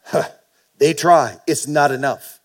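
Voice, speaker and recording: A middle-aged man preaching a sermon as pastor, asking the congregation for amens and rising into animated bursts. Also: a little high, slow pace.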